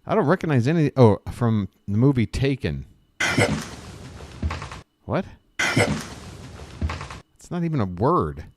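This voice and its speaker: A man's voice: mid-range voice, big pitch swings, slow pace, pauses often, noisy background. A man hosting a live stream, riffing with sarcastic jokes in a rambling, self-interrupting way. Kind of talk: casual live-stream commentary.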